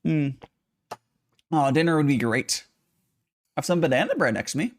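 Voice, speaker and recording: A man's voice: a little high, expressive, fast talker, long pauses. A man chatting casually on a livestream while brewing tea, rambling, greeting viewers and swearing offhandedly. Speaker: streamer brewing tea live.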